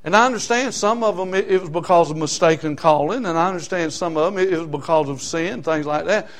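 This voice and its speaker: Male pastor, high-pitched, fiery sermon delivery with hushed storytelling. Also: quick pace. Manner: impassioned preaching, swinging from hushed storytelling to shouting.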